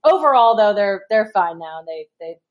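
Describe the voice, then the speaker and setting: A woman's voice: mid-range voice, lively intonation, moderate pace, muffled recording. A woman guest on a podcast, chatting casually and often using "like.". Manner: chatty, lots of "like", laughs. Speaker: guest, pro soccer player.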